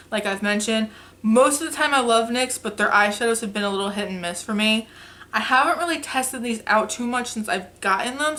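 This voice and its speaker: A woman's voice: fairly high pitch, sharp tone. A young woman vlogger chatting casually and enthusiastically about makeup she bought, with lots of fillers. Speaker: beauty vlogger. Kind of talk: casual makeup haul chat.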